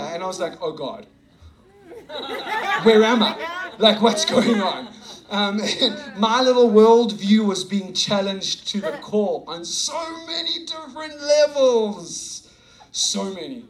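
A young man preaching, telling a story with acted-out dialogue, animated and laughing often. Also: sits high, measured pace, low-quality recording. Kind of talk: sermon storytelling.

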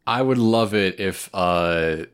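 A man's voice: sits low, slow, clean tone. A man co-hosting a casual chat, making wry jokes and laughing often. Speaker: podcast co-host. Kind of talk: casual chat recapping an anime.

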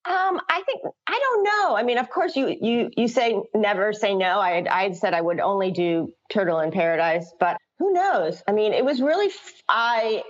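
A middle-aged woman author chats frankly in a relaxed interview, often breaking into laughter and restarting her sentences. Her voice sits at an ordinary middle pitch. The recording is dull and lo-fi. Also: moderate pace, few pauses. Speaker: children's book author, guest. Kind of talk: casual interview conversation. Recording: dull lo-fi audio.

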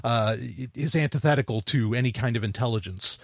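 A man's voice: medium pitch, a little fast, vocal fry, no room sound, clean studio sound. A man co-hosting a podcast, talking casually and rambling with many restarts. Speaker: podcast co-host. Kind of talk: casual chat.

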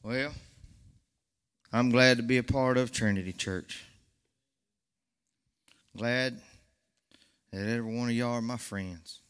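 A man's voice: mid-range voice, fairly even intonation, takes it slowly, pauses often, clean tone. A nervous man, giving a church testimony that swells into fervent preaching. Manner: Southern country speech, swells to fervent shouts. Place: church sanctuary. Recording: long church hall reverb.

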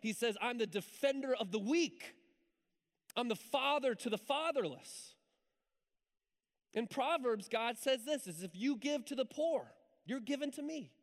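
A man preaching a sermon in church, telling a story in a lively, conversational way with asides to the congregation. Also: very high voice, a little slow. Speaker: pastor. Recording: hall reverb.

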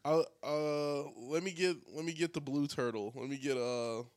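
A man's voice: fairly high pitch, fairly even intonation, crowd noise. Hesitant young man in casual chat. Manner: hesitant, searching for words, drawn-out fillers.

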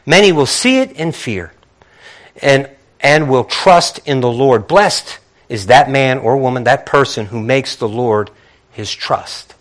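A man preaching a sermon, reading scripture quietly and then building to emphatic, repeating rhetorical questions. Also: mid-range voice, a little slow. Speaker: pastor.

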